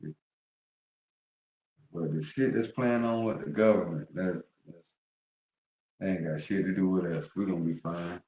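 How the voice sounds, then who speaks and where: A man's voice: deep voice, measured pace, pauses often, warm tone, echoey room. A man streaming live, talking casually to his viewers, rambling and profane with heavy slang.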